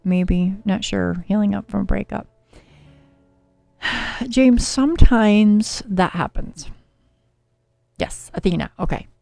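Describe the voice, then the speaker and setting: A woman host reads tarot cards for her chat in a relaxed, soothing manner. Her voice is mellow with some gravelly fry and a touch of scratchiness from a recent cold. It is close and dry, with faint music behind her. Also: mid-range voice, takes it slowly, long pauses, no room sound. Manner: soothing, chatty, reads viewer names and card meanings. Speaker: tarot reader and livestream host. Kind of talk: casual livestream tarot reading.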